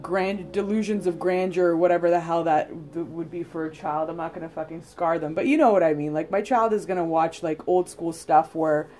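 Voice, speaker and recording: A woman's voice: lowish voice, steady tone, fairly quick, hardly any pauses, darkish tone, faint music behind. A woman, co-hosting a casual podcast and talking bluntly, often profanely, with lots of "like" and "you know". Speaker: podcast co-host. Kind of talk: casual chat.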